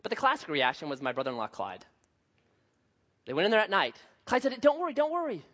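A man pastor preaching a sermon, telling a story with lively swings from hushed to loud. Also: a little high, a little fast. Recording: dull lo-fi sound.

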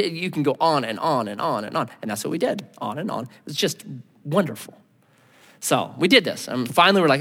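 Animated male pastor in a reverberant hall. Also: on the high side. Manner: animated, conversational, acts out quotes in a raised voice. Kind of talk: sermon.

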